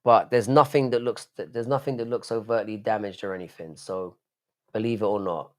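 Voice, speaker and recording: A man's voice: lowish voice, fairly quick. Rambling, swearing male livestreamer. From United Kingdom. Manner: rambling, swears often, answers chat aloud. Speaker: live-stream host. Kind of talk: casual late-night live-stream chat.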